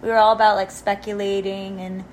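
Deadpan woman podcast guest. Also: mid-range voice, a little fast, slight background noise, low-quality recording. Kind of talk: casual comedic chat.

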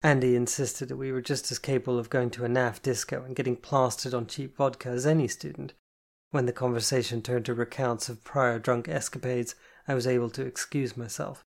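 An audiobook narrator reading a first-person novel in a soft, even delivery. The voice sits at a middle pitch with a distinctly gravelly, creaky texture. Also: brisk.

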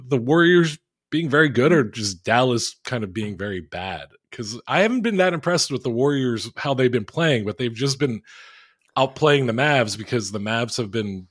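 Man, podcast co-host, casual chat, easygoing, asks questions, mid-pitched.

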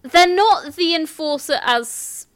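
A woman acting as game master, calmly explaining the characters and rules of a tabletop game with some restarts. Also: high voice, slow.

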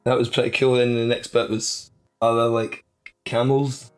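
A man's voice: medium pitch, flat delivery, moderate pace, soft background music. A man co-hosting a podcast, rambling through a story in casual chat. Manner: rambling, laid-back storytelling. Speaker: podcast co-host.

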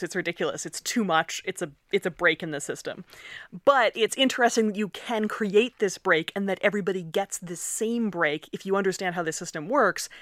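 A young woman, a linguist being interviewed, explaining things in an animated conversational way and laughing often. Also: medium pitch, no echo, clean studio sound. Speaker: linguist and author, interview guest.

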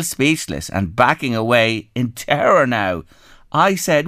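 An Irish man hosting a radio show, chatting casually and reading out listener messages with lively storytelling. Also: medium pitch, unhurried, no echo, studio quality.

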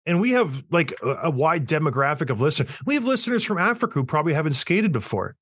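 A man hosts a podcast in a blunt, emphatic rant, pushing his points hard and teasing his co-host. His voice sits a little higher than most men's. The sound is dry and close, with no room echo. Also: very animated, fast, fairly bright tone, slightly rough. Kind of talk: casual opinionated rant.

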